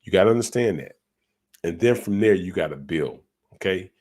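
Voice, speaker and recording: A man talking casually to his viewers in an animated, repetitive way, addressing them as y'all. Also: low voice, moderate pace. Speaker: crypto commentator. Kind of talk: casual livestream talk.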